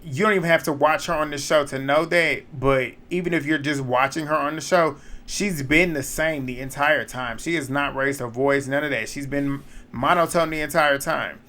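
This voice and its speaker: A man recapping a reality show in casual commentary, blunt, opinionated and quick to swear. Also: on the high side, pushed and bright.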